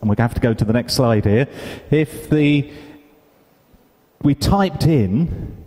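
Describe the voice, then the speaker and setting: A man's voice: medium pitch, measured pace. A British man telling a story in a reverberant conference hall. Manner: animated storyteller, acts out quoted dialogue. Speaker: conference speaker. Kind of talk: storytelling keynote talk. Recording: hall reverb, live stage sound.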